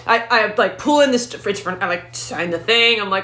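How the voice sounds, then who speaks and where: A woman tells a rowdy, swear-filled story in stand-up style. Her voice is somewhat high and very bright. It rings with a roomy echo. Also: fairly quick, few pauses. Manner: profane, animated storytelling. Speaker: stand-up comedian.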